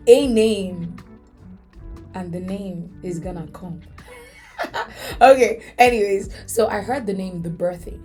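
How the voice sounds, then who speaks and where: A woman's voice: medium pitch, dark tone. A woman hosting a faith podcast, telling a story in an earnest, emotional way. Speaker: podcast host.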